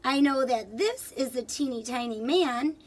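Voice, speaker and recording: A woman's voice: high voice, animated, a little slow, darkish tone. A woman teacher reading a picture book aloud to children, stopping to explain words and ask questions.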